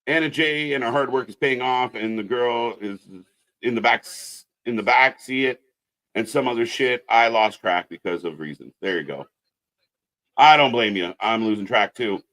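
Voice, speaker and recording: A man's voice: mid-range voice, moderate pace, bright, forceful tone. A man co-hosting a live wrestling commentary stream, talking casually and bluntly, swearing and ranting with strong opinions.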